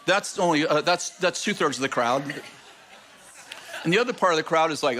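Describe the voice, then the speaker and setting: High, bright-voiced preaching man. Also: brisk, a little hiss or hum. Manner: storytelling, animated, acts out voices of people in his anecdotes. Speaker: pastor. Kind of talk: sermon.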